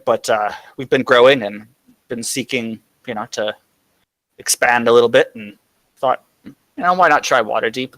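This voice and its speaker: A man role-playing at a tabletop game, talking hesitantly with many pauses. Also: mid-range voice, a bit bright, no echo, rough recording. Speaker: player.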